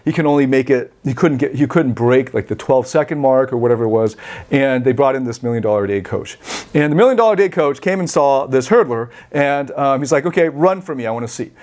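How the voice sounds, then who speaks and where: A man hosting a coaching podcast, telling a story in a rambling, animated way with many self-corrections. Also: medium pitch, brisk. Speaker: podcast host and life coach. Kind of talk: storytelling monologue.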